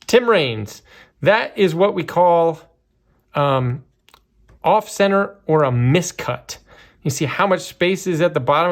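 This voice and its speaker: Chatty, excitable man unboxing cards. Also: on the high side, vocal fry. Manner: chatty, excitable, many fillers. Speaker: card breaker. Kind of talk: casual unboxing commentary.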